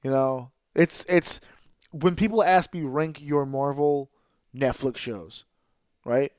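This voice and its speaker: A man hosting a podcast, ranting with exasperation and heavy swearing, now and then mimicking others in a flat, deflated tone. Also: mid-range voice, takes it slowly, clear, resonant tone, dry recording, clean studio sound. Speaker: podcast host. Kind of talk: profane ranting podcast monologue.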